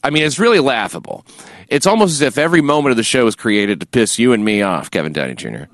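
A man's voice: medium pitch, sing-song, fast, fairly bright tone, no echo. A man hosting a podcast, running through news stories with crude, mocking jokes and plenty of filler words. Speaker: podcast host. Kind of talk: crude comedic news talk.

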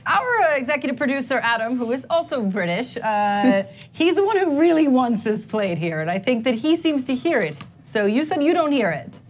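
A woman's voice: sits high, big pitch swings, moderate pace, hardly any pauses, slight background noise. A woman presenting a news segment. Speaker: news anchor. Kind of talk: news broadcast.

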